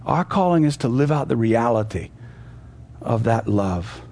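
A man preaching a sermon, telling a story and swinging between forceful peaks and hushed, quiet passages. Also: mid-range voice, animated, unhurried.

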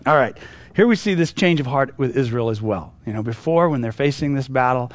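A man's voice: medium pitch, expressive, fairly quick, no room sound. A man teaching through a Bible passage in a casual, conversational way, with lots of asides and restarts.

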